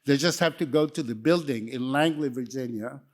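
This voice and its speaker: A man's voice: mid-range voice, moderate pace. An older man, not a native English speaker, giving a wry, anecdotal talk that wanders from story to story. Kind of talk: lecture talk.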